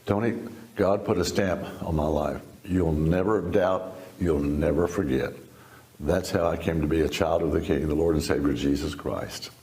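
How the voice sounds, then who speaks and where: An older man in his seventies with a low, gravelly voice tells his testimony as an interview guest. He speaks in a folksy, easygoing way and laughs now and then. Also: moderate pace, mellow. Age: 70s. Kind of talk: storytelling testimony.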